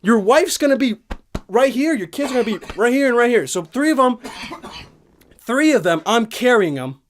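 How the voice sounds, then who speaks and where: A young man hosting a podcast from a studio, telling a profane, animated comic rant full of swearing. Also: very high-pitched, normal speed, slight background noise. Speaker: podcast host.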